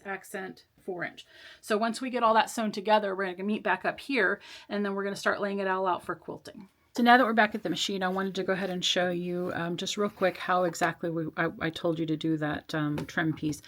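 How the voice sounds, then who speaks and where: A woman walks through a sewing project step by step in a relaxed, chatty way. She reassures the listener as she goes, with the odd small laugh and filler. Her voice sits at an average pitch. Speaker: sewing tutorial host. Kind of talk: casual step-by-step sewing instruction.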